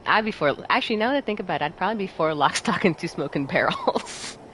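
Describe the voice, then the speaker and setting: A young woman streaming a game, chatting casually with her chat and a friend, bubbly and quick to laugh. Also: on the low side, slight background noise. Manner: bubbly, giggly, animated, talks to chat. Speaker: streamer and host. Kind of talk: casual chat while playing a game live.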